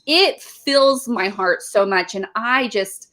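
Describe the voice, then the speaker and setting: A woman's voice: a little high, slow pace. A woman weightlifting coach, a guest in a casual podcast interview, talking earnestly and with animation. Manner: earnest, animated, speaks of camps and self-talk.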